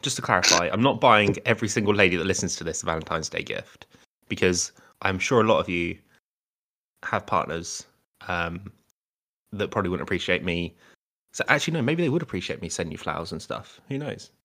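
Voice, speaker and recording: A man's voice: sits low, lively intonation, fairly quick, pushed and bright. A man co-hosting a podcast in casual chat, rambling playfully with lots of fillers and restarts. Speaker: podcast co-host.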